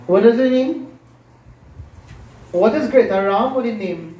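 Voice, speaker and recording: A man's voice: high-pitched, expressive, normal speed, long pauses, mellow. Man giving a sermon, keeps asking the crowd questions and chanting, sounds far away and kinda muffled. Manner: questions the audience, chants verses. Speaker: religious teacher. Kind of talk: sermon storytelling. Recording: distant, roomy, dull lo-fi.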